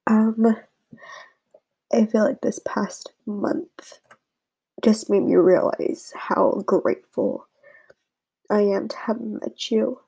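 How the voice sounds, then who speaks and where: Soft-spoken tearful young woman, gravelly. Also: medium pitch, fairly even intonation, poor audio. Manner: rambling, halting, soft and half-whispered. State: tearful, close to crying. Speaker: vlogger addressing friends. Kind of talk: heartfelt casual message to friends.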